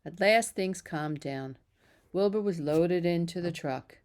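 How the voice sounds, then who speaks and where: A woman reading a children's novel aloud in a steady, even narrating voice, with a few small slips. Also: lowish voice, unhurried. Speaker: reader. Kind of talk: storybook read-aloud.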